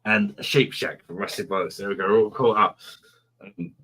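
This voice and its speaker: A man's voice: lowish voice, moderate pace, vocal fry, pushed and bright, slightly rough. A man hosting a casual online pub live stream, reading out viewer comments, laughing often and trading crude, sweary banter.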